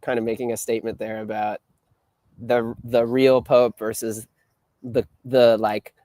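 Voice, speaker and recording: A man hosting a casual weekly talk stream, with a voice of ordinary middle pitch. His sound is dry and close, with no room around it. He guides the talk in a measured, slightly professorial manner. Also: little pitch movement, dark tone, no echo. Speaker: host. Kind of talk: casual political chat.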